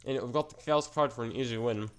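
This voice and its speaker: A man's voice: mid-range voice, quick pace, smooth. A man giving casual, rambling commentary over his own gameplay, self-mocking and slangy as he plays. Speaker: gaming channel host.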